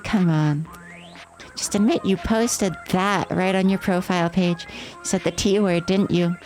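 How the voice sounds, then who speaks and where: A woman's voice: lowish voice, steady tone, a little slow, a little mellow, soft background music, natural voice, low-quality recording. A woman voicing a gleeful, sadistic female TV game show host in a mocking, theatrical way. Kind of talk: voicing game dialogue on stream.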